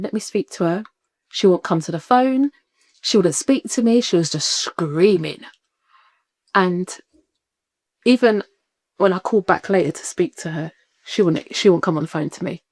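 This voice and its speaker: A woman speaks as a podcast guest in a mid-range voice, telling her own story with lively energy. She slips into the voices of the people she quotes and laughs easily. The sound is dry and close, with no room echo. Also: mid-range voice, normal speed. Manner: animated, acts out quoted voices, laughs often. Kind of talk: personal storytelling in conversation.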